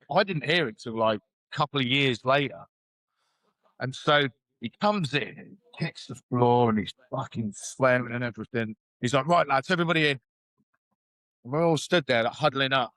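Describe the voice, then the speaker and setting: A man's voice: medium pitch, fairly bright tone, dry recording, low-quality recording. Candid ex-rugby man telling stories. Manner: candid, swears freely, acts out quotes. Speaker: podcast guest, former rugby hooker. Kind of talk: casual storytelling.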